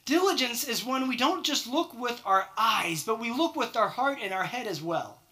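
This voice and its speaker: A man's voice: extremely high pitch, animated, moderate pace, bright, forceful tone. A man preaching a sermon, firing off rhetorical questions and acting out quoted excuses. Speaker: pastor.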